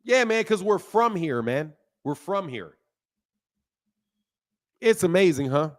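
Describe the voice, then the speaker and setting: A high-pitched man lecturing his livestream chat. He talks heatedly and uses loose slang. He repeats words over and over as he drives his point home. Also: big pitch swings, takes it slowly. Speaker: livestream host. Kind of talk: casual livestream talk, answering chat.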